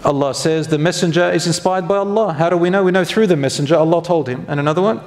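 Higher-voiced man preaching in a hall. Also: fast talker, slight background noise. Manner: conversational, asks the audience questions, corrects himself mid-sentence. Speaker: Islamic preacher. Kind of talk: religious lecture to a congregation. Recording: long hall reverb.

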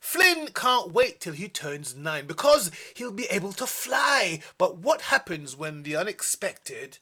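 A young male storyteller reading his own children's story aloud, shouting out the characters' lines. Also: high-pitched, sing-song, unhurried, breathy edge.

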